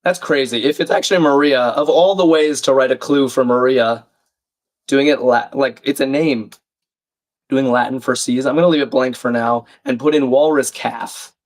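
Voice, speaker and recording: Man, croaky, under the weather, chatty stream host reading out chat, mid-pitched. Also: fairly even intonation, moderate pace. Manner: chatty, reads chat aloud, self-deprecating. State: croaky, a bit sick. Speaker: livestream crossword host. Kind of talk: casual live-stream chat.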